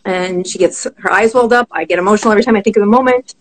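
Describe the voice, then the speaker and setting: A middle-aged woman, a physician guest, telling a personal story in conversation, animated and quick to laugh. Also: mid-range voice, low-quality recording.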